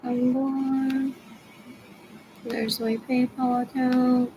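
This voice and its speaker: A woman's voice: high voice, flat delivery, extremely slow, mellow, slight background noise, poor audio. A woman in her forties rambling agitatedly in a solo video monologue. She repeats herself and slips between English and Spanish. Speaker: vlogger asking for money.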